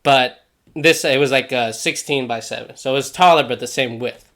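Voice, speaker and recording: A man's voice: medium pitch, moderate pace, a bit bright. Laid-back young man telling stories. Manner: laid-back, laughs often, slangy. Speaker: podcast co-host. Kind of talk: casual storytelling chat.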